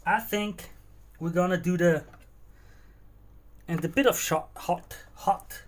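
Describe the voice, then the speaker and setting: A man with a high voice hosts a cooking livestream from his kitchen. He chats casually, answers his viewers and thinks out loud as he cooks. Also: takes it slowly. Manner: chatty, answers chat and muses aloud while working. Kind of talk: casual live-stream chat while cooking. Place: home kitchen.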